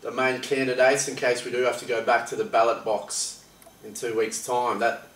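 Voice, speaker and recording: A man's voice: mid-range voice, level tone, moderate pace, a bit bright. A young Australian man co-hosting a casual comedy chat, with dry, laid-back banter. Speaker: co-host. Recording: echoey room, mic at a distance.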